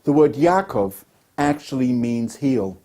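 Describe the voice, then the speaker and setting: A man's voice: medium pitch, animated, unhurried, dark tone. A man who is a rabbi giving a weekly lesson on scripture. He teaches like a storyteller and works jokes into his explanation. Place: Melbourne.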